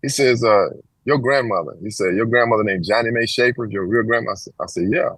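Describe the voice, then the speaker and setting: A Texas man in his sixties, interviewed as a guest, narrates a long story about himself at a fast clip, his slightly rough voice leaping in pitch as he acts out the people in it. The audio is dry and low-quality.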